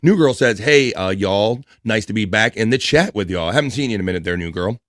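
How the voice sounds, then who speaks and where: Playful low-voiced male stream host. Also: expressive, fast talker, a bit bright, dry recording, studio quality. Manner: playful, teasing, reads viewer comments aloud. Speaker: livestream host. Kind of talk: casual livestream chat.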